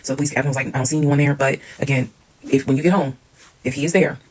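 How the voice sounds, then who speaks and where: A woman's voice: extremely low pitch, fairly even intonation, rapid-fire, darkish tone, rough recording. A woman telling a personal story in a casual storytime monologue, candid and emphatic, swearing freely.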